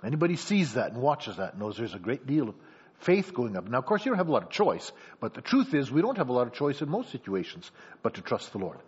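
Lively, husky-voiced man preaching. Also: medium pitch, fast talker. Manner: animated, acts out scenes, addresses congregation. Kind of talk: sermon storytelling. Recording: dull lo-fi sound.

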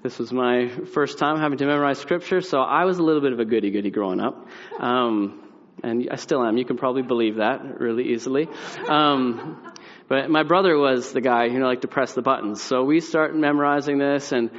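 A young adult man preaching, telling a personal story with animated delivery and acted-out voices, then dropping to a quiet, reflective tone. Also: medium pitch, normal speed. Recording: muffled sound in a large reverberant hall.

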